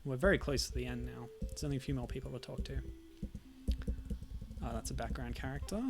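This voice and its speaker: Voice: medium pitch, steady tone, a little fast, vocal fry, music in the background. A streamer playing through an indie game, reading the dialogue aloud with dry joking asides.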